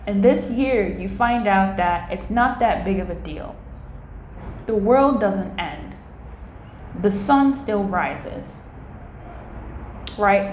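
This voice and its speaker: A young adult woman giving a casual tarot reading, chatty and animated, slipping into little quoted voices. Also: a little high. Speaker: tarot reader. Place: indoor room by a window. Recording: echoey room with faint ambient noise.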